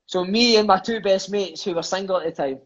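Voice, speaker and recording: His voice is high-pitched, a bit bright, and a little fast, though the recording is muffled. He's a Scottish former footballer in his thirties, guesting on a podcast, swearing casually and sprinkling "mate" and "aye" through his stories.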